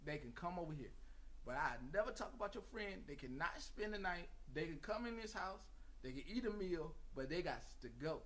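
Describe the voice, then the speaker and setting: A man's voice: high voice, animated, fairly quick, fairly bright tone. A man hosting his own gossip channel, talking casually in a profane, rambling, emphatic way, repeating his warnings and apologies.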